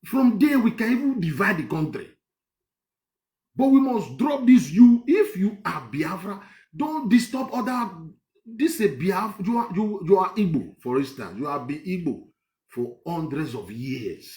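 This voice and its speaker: A man delivers a heated political monologue, circling back and repeating himself for emphasis. His slightly high voice swings widely up and down. The sound bounces around a reverberant room. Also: very animated, unhurried, a little mellow. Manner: rambling, emphatic, repeats phrases. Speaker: political commentator.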